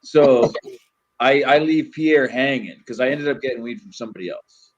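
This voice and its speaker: A man's voice: medium pitch, moderate pace, dull audio. A man hosting a casual chat and telling a profane, rambling story with lots of energy. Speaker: host.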